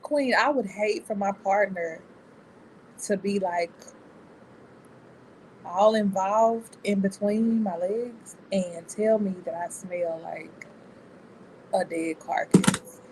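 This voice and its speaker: A woman's voice: medium pitch, slow pace, pauses often, darkish tone, slight background noise, poor audio. A woman co-hosting a casual panel chat, candid and joking. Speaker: panel co-host.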